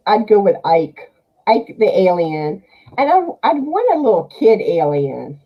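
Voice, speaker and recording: A woman chatting as a guest on a live show, easygoing and quick to laugh. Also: mid-range voice, sing-song, breathy edge, dull audio. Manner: slow and easygoing, laughs often. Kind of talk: casual chat.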